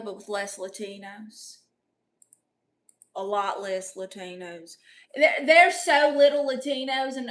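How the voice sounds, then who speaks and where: A woman's voice: on the high side, a bit bright. A woman doing a comedic livestream in character, brash and playfully boastful as she reads out chat messages.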